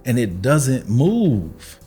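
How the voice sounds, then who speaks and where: A man's voice: mid-range voice, sing-song, drawn-out words, mellow, breathy edge, soft background music. A man co-hosting a podcast, making emphatic, preachy points in casual chat. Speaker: podcast co-host.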